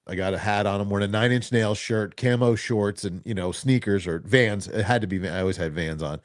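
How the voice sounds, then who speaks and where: A low-pitched man from New Jersey co-hosts a casual podcast, telling stories with lots of energy. He jumps into the voices of the people he quotes. The sound is close and dry, with no room around it. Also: a little fast, no room sound. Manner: animated storyteller, acts out quoted voices. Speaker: podcast co-host.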